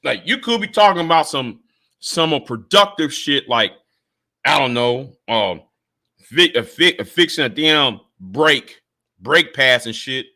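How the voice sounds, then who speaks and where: An angry man hosts a casual livestream, swearing nonstop and stammering as he repeats words. His medium-pitched voice is expressive, bright, and forceful, and he speaks unhurriedly.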